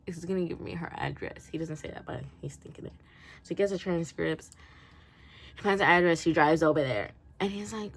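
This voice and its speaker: A woman's voice: deep voice, fairly quick, gravelly. A woman giving a casual, rambling rant review, swearing freely and laughing often. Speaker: book reviewer.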